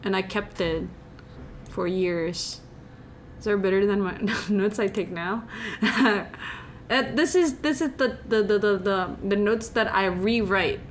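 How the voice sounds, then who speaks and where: A young woman chats casually with her stream viewers, playful and quick to giggle as she answers their messages. Her voice sits in the middle of the range for a woman. Faint room noise hums behind her. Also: medium pitch. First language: Indonesian. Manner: playful, giggly, reads chat aloud and answers it.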